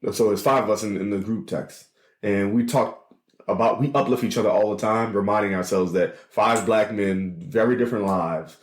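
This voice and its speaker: A man, co-hosting a casual podcast chat, playful and quick to laugh as he teases his co-host. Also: on the low side, roomy sound. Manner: animated, laughing often, playful teasing.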